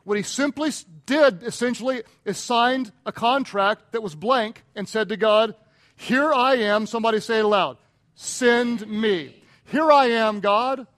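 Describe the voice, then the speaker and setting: A man with a notably high voice delivers a sermon. He preaches with emphasis and lifts his voice on the lines he quotes. When he tells his own stories he turns quiet and confessional. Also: moderate pace. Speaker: pastor.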